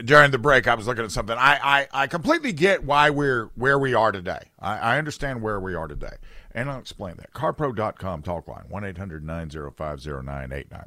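A man's voice: lowish voice, sharp tone, no room sound. A man hosting a talk radio show, rambling and sarcastic in an opinionated chat from a studio.

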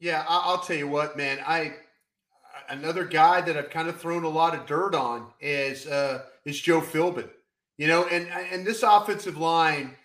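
A man co-hosting a casual sports podcast, talking in a folksy, animated way with plenty of "I tell you what.". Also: fairly high pitch, measured pace, reverberant. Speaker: podcast co-host.

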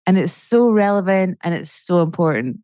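A woman's voice: fairly low pitch, animated, normal speed, warm tone, no room sound. A woman in her forties, a comedian chatting as a podcast guest, swearing freely and ranting with rising energy. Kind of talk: casual chat.

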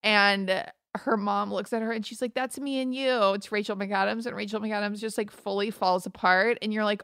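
A woman's voice: medium pitch, fairly even intonation, moderate pace, gravelly, hardly any pauses, fairly bright tone, smooth, no room sound, studio quality. A woman co-hosting a casual film chat, gushing and tearful as she talks. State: crying. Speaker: podcast co-host. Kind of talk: casual chat about films.

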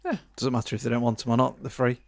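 A man's voice: medium pitch, level tone, very fast, vocal fry, a little hiss or hum. A man chatting on a casual podcast with dry, wisecracking remarks. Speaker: podcast co-correspondent.

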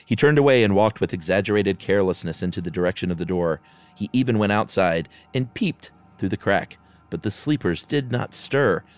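A man co-hosting a podcast, reading a ghost story aloud in a measured, dramatic way between casual chat. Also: fairly low pitch, lively intonation. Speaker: podcast co-host and reader.

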